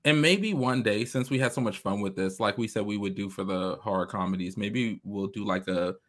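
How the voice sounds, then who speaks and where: A man co-hosting a podcast, in playful, expressive casual banter. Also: lowish voice, brisk. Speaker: podcast co-host. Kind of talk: casual chat.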